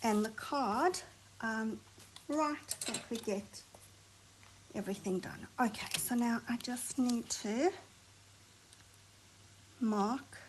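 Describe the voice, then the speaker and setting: Woman craft tutorial host, slow unhurried delivery, fairly high voice, chatty and self-deprecating, faint clicks behind. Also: slight background noise, low-quality recording. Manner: chatty, self-deprecating, thinks aloud while working; drops to a soft near-whisper while concentrating. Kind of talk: chatty hands-on craft demonstration.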